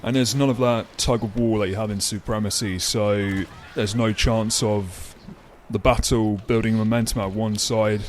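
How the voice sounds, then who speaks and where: A man's voice: lowish voice, steady tone, moderate pace, hardly any pauses, a little hiss or hum. A man co-hosting a casual video game chat in a laid-back, agreeable way. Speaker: co-host.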